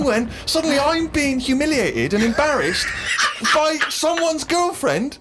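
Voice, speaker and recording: Guy on a podcast, bit high voice, really bouncy pitch, rambles and um's through a funny embarrassing story. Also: very animated, fairly quick, noisy background. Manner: self-deprecating storyteller, hesitant fillers. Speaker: podcast co-host. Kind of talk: comic anecdote on a podcast.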